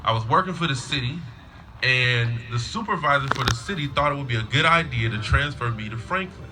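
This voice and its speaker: A man's voice: medium pitch, animated, brisk, background noise. A middle-aged man, a school coach, giving a storytelling graduation speech to students and parents. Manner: storytelling, acts out a child's whiny voice in quotes.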